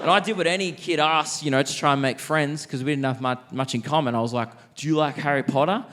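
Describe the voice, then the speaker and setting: A young man from Australia doing stand-up comedy, telling stories in a lively way and acting out the people in them. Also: fairly high pitch. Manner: animated, acts out characters with quick voice shifts. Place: large theatre stage.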